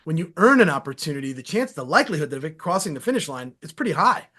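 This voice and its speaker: Upbeat guy chatting about his work, a bit high pitched, loose and slangy, lots of energy. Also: fast talker. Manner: energetic, animated storytelling with laughs; casual, slangy and candid. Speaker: sales podcast host as guest. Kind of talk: casual conversational interview.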